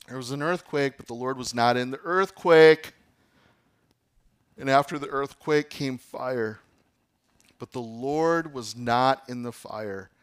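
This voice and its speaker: A man preaching a sermon as pastor, swinging from loud declamation to hushed whispers. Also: mid-range voice, slow, pauses often, smooth.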